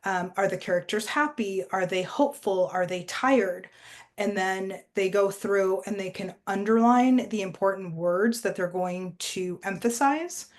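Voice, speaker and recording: A woman presenting a teacher training workshop, explaining steps in a measured way with frequent fillers. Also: mid-range voice.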